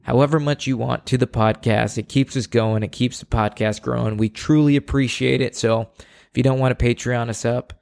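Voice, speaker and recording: Gravelly-voiced male podcast host. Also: medium pitch, steady tone, moderate pace, a little mellow. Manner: upbeat, plugging and joking. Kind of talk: casual podcast chat.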